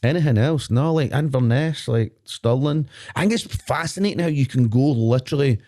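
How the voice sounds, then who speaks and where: A Glaswegian man with a dark, mellow tone chats loosely on a podcast from a studio. He rambles through half-formed ideas and pokes fun at himself, his voice pitched at an ordinary male level. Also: normal speed. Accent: Glaswegian Scottish. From Scotland. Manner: rambling, joking, self-deprecating. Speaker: podcast co-host. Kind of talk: casual chat.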